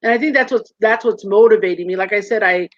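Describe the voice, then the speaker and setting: Animated woman guest on a muffled call. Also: mid-range voice, fast talker, dry recording. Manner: animated storyteller, acts out quoted voices. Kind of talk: casual interview conversation. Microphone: video call. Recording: muffled dry call audio.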